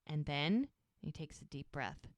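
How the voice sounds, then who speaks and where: A woman's voice: sits low, animated, unhurried, no echo. A woman co-hosting a podcast, casually retelling TV scenes and quoting characters' lines. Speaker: podcast co-host. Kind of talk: casual recap chat.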